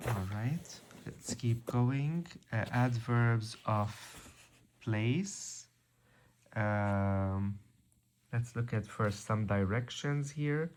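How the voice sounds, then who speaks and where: A man giving a language lesson, reading out words slowly and deliberately one by one. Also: mid-range voice. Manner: slow, deliberate, spells out word by word. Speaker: language teacher.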